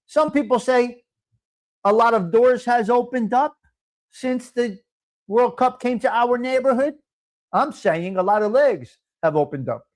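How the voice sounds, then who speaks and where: New man, live-stream host, blunt and crude, chats casually with viewers. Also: extremely high pitch. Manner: blunt, crude, laughing, talks straight to chat viewers.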